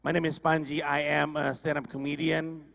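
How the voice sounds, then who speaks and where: A man's voice: a little high, level tone, normal speed, vocal fry, a bit bright, big-room sound. A man from Indonesia doing a stand-up comedy set on a ballroom stage, chatty and teasing the audience.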